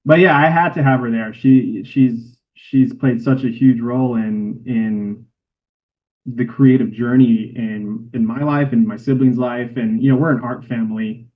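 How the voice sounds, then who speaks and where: Guy sharing a heartfelt story, sounds like a phone line, earnest and warm about it. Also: mid-range voice, steady tone, a little slow. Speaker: cinematographer guest. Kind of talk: casual interview chat.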